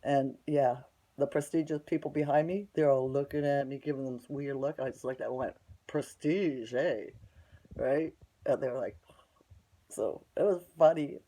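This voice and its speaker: A woman's voice: very deep voice, steady tone, fairly quick, dark tone. A woman telling a long story in a casual, rambling way, bluntly scornful and tagging her sentences with "right?". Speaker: vlogger.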